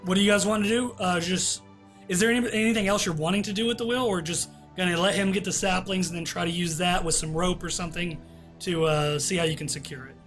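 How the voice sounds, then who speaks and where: Man, game master, high-pitched, halting narration with fillers, faint background music. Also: steady tone, a bit bright.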